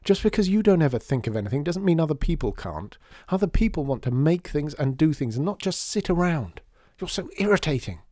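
A man's voice: on the high side, very animated, brisk, warm tone, no room sound, clean studio sound, voice pushed up. A man voicing an upset little girl scolding someone in a storybook reading. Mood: indignant.

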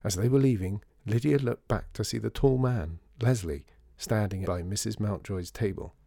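A man narrating a storybook in an expressive, lively reading. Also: lowish voice, moderate pace, creaky, no echo, studio quality.

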